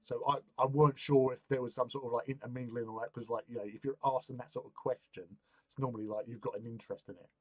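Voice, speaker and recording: A man's voice: mid-range voice, fairly even intonation, quick pace, no echo. A man telling a loose, rambling anecdote in casual chat while hosting a hobby stream.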